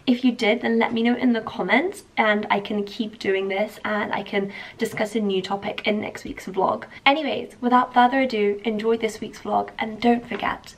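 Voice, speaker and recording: Chatty young woman with a gravelly voice. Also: medium pitch, rough recording. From London. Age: 20s. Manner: chatty, upbeat, lots of fillers like "like". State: groggy morning voice. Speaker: trainee surgeon and vlogger. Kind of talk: casual vlog chat. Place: at home getting ready.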